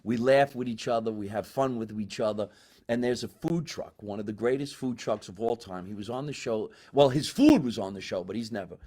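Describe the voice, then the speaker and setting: Hammy New comedy host. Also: male voice, fairly low pitch, brisk. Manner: loud, hammy showman, big swings in volume. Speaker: podcast host. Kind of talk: live comedy show hosting. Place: basement.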